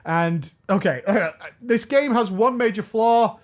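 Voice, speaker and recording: A man hosting a casual game video, excitable and swearing as he explains the story. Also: sits high, takes it slowly. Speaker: gaming video host. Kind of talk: casual let's-play chat.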